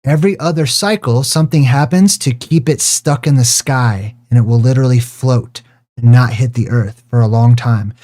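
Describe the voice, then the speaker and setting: A man's voice: mid-range voice, warm tone. A man hosting his own video, lecturing in a rambling way, drifting into tangents and stretching out key words for emphasis. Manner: drawn-out emphasis on single words. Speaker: video host. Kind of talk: rambling screen-share lecture.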